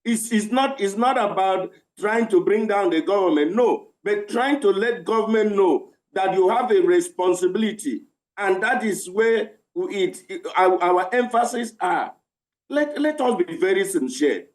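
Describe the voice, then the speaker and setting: A man's voice: sits high, lively intonation, unhurried. A Nigerian man speaking for organised labour on a news panel, emphatic, repeating himself and restarting phrases as he presses his point. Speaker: labour union representative. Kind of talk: live news panel discussion.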